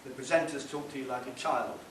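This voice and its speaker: A public speaker gives an informal, wry, conversational talk in a meeting hall, drifting into asides. His mid-range voice moves quickly with fairly even intonation, picked up by a distant room mic in a roomy hall with faint hiss.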